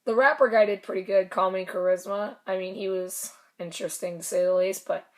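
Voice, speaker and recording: A woman's voice: medium pitch, steady tone, a little fast. A young woman casually recounting a concert meet and greet, chatty, swearing and laughing often. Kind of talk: casual storytelling vlog.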